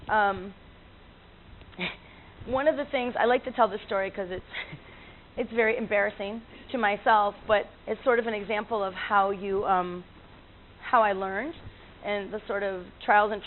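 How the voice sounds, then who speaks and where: Chatty woman on a tinny line. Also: mid-range voice. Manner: chatty, laughs often, many fillers and restarts. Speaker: animal communicator. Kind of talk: casual storytelling talk. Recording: tinny lo-fi line with faint noise.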